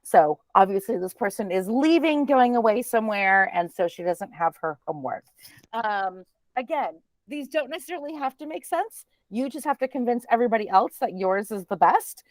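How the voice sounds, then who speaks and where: A woman presenting a teacher training webinar in a chatty, relaxed way, with many ums. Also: fairly high pitch, normal speed, no echo.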